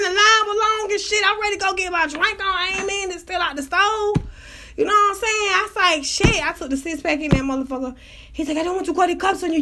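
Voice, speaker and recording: Brief: woman host, high bright voice, brash profane storyteller. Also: a little hiss or hum. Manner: loud, profane, animated storyteller. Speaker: radio show host. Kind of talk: casual storytelling monologue.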